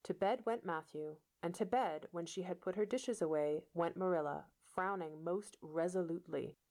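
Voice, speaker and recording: A woman reading a novel aloud as a teacher, pausing for patient explanations of words. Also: on the low side, darkish tone. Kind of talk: read-aloud lesson explaining vocabulary.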